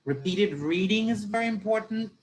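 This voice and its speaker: Filipino-accented teacher trainer, live online lecture, code-switching, deliberate pacing with stressed words. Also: medium pitch, slight background noise. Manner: switches between English and Tagalog; speaks slowly and stresses key words.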